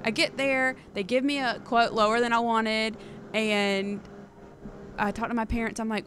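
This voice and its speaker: A woman in her twenties, a co-host in the studio, telling a story in a lively, self-mocking way. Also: a little high, brisk, a little hiss or hum. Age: 20s. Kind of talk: casual storytelling chat.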